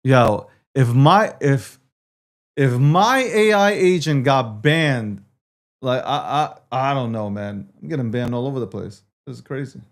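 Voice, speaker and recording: A man's voice: medium pitch, measured pace. A man hosting a livestream, talking casually to his viewers and swearing in exasperation as he repeats himself. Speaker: livestream host.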